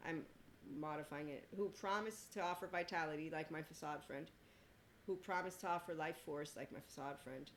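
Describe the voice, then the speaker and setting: A woman's voice: low voice, normal speed, a little hiss or hum, poor audio. A woman hosting a podcast in a casual, rambling monologue, sarcastic and laughing often. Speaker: podcast host.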